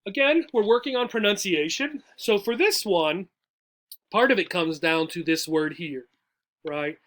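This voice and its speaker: A man's voice: sits high, measured pace, a bit bright. A man teaching a lesson to English learners, patient and explanatory, who keeps checking in with "right?" as he walks through each joke. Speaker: adult education teacher.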